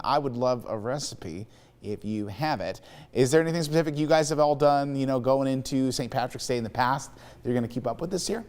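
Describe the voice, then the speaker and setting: A man's voice: mid-range voice, brisk, a little mellow. A man anchoring a morning news show, reading stories and chatting with co-hosts in an upbeat way.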